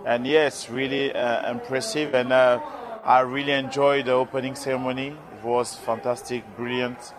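A man speaking English with a French accent, his voice hoarse, answering questions in a live interview with many pauses, fillers and restarts. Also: medium pitch, level tone, noisy background. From France. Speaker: interviewee, former rugby player. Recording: loud crowd behind, outdoor event.

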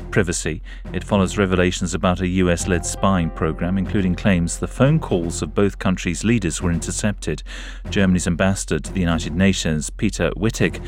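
A man reading a radio news bulletin in a measured, formal delivery. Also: low voice. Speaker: newsreader.

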